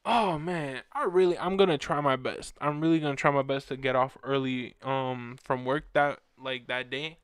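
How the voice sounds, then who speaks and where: A young man hosting a fan show, telling a story in casual, animated chat full of slang. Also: mid-range voice, normal speed, few pauses, smooth, dry recording, studio quality. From Orlando, Florida. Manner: animated, slangy, says bro a lot.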